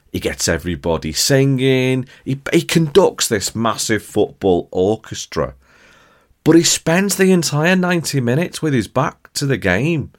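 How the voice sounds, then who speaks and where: Chatty low-voiced man. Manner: chatty, jokey, addresses listeners directly with tag questions. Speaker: podcast host. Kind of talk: casual podcast monologue.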